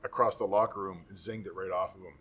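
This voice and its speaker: A man's voice: sits low, steady tone, fast talker, a bit bright, breathy edge. A former football lineman in his forties telling rambling, profane stories in casual chat. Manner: profane, rambling, boisterous storyteller. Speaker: podcast guest, former pro football lineman.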